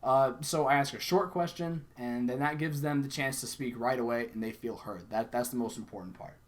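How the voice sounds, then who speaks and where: A man's voice: medium pitch, a little fast. Young adult man, conversational sales coach, acts out sample lines mid-explanation. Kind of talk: casual instructional talk.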